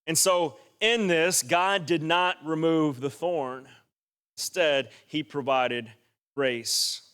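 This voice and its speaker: Male preacher, fairly high voice, earnest sermon delivery that builds to emphatic pleas. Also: slow, a bit bright, smooth. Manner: earnest, rising to emphatic exhortation.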